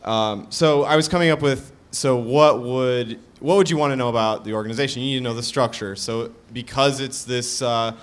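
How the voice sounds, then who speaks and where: A man co-hosting a casual chat, explaining things in a measured, teacherly way with some restarts. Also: medium pitch, clean tone. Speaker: co-host.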